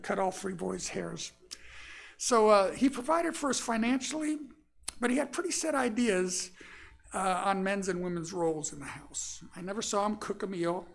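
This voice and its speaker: An older man from Florida, a minister giving a personal storytelling sermon in a relaxed, folksy way, pausing often with fillers. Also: high voice, creaky. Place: church sanctuary.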